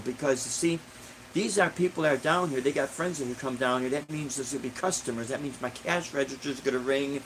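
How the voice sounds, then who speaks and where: A man's voice: medium pitch, moderate pace, a little hiss or hum, poor audio. A middle-aged man from Illinois, a street musician, ranting casually in a blunt, indignant way and repeating points for emphasis. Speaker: busking musician, vlogger.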